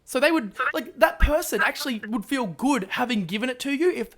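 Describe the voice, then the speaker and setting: Man, podcast co-host, casual chat, eager, animated, quick to chime in. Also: extremely high pitch.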